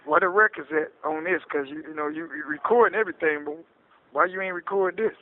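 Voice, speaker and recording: A man telling his story in a casual interview, animated and often asking "you hear me?", heard over a phone line. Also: on the high side, fast talker. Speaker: interview guest recounting his case. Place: prison phone call.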